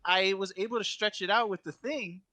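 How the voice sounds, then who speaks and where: A man's voice: high-pitched, a little fast, sharp tone, dry recording. A young man co-hosting a podcast, telling a story in casual chat, rambling with constant filler words and restarts. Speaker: podcast co-host.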